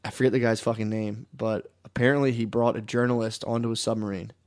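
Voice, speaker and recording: A young man co-hosting a podcast, telling stories in a loose, profane, joking way with quick voices for the people in them. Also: fairly low pitch, little pitch movement. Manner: loose, profane, jokey storytelling with quick impressions. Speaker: podcast co-host. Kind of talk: casual comedic podcast chat.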